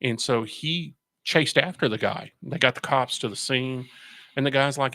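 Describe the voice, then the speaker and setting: A man's voice: medium pitch, steady tone, moderate pace, bright, forceful tone, no room sound, studio quality. A man hosting a radio show in casual chat, rambling through stories with restarts and laughs. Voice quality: gravelly. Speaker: radio host.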